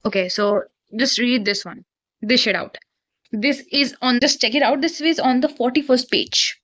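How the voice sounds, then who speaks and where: A woman's voice: on the high side, moderate pace, a bit bright. A young woman, reviewing a book to camera in an exasperated, ranting way. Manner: exasperated, ranting, talks straight to viewers.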